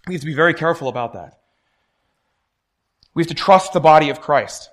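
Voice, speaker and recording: A young preacher with a voice on the high side speaks fairly quickly, keeping his sermon conversational. Along the way he tells stories and imitates the voices of their characters.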